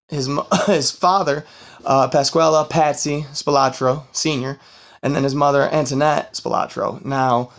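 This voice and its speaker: A man's voice: mid-range voice, creaky. Guy hosting a podcast, rambly and sweary, kinda worn out, lots of um and you know. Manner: rambling and profane, full of fillers and laughs. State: tired from a long work week. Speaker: podcast host. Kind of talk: casual true-crime podcast chat.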